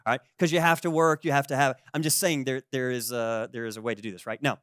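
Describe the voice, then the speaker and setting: A man in his forties preaching a sermon as pastor, conversational and lively, acting out the people he quotes. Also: medium pitch, fast, no room sound, studio quality. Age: 40s. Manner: conversational, animated, acts out quoted voices.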